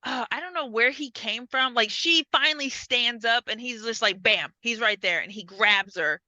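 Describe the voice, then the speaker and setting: A woman's voice: a little high, moderate pace, pushed and bright, no echo, poor audio. A woman hosting a podcast, chatting casually, swearing freely and acting out lines as she retells a story. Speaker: podcast host. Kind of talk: casual chat.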